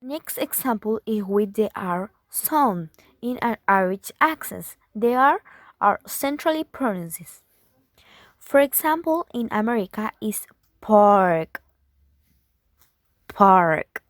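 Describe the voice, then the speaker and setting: A woman's voice: a little high, lively intonation, dry recording, studio quality. A woman reading a presentation on accents, repeating each example word in turn. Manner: very slow, repeating example words.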